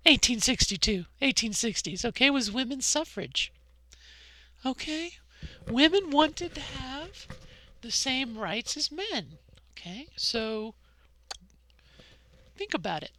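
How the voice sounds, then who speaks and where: A middle-aged woman vlogging a personal monologue, impassioned and conversational, often checking in with a quick "okay?". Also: sits high, a bit bright, dry recording.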